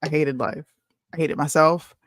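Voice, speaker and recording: A podcast co-host with a mid-pitched voice, talking bluntly and frankly in casual conversation. The mic sound is close and dry. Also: fairly even intonation, moderate pace, no room sound. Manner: blunt, frank, says "bro". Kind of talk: casual chat.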